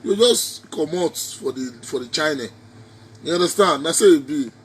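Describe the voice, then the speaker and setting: A social media commentator with a Nigerian Pidgin English accent delivers a preachy, repetitive, mocking political rant in a casual vlog. His voice is fairly high, husky and expressive, at a moderate pace.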